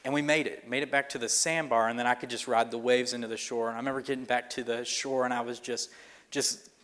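A pastor telling a personal story in a sermon, in a loose conversational way with fillers and restarts. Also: male voice, medium pitch, fairly even intonation, fast, a bit bright. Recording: long reverb of a hall.

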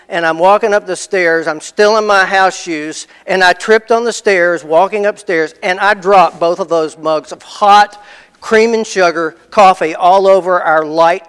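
A man's voice: high voice, fairly bright tone, smooth. A man preaching a conversational sermon as a pastor, telling personal stories and repeating phrases for emphasis. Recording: long reverb of a large hall.

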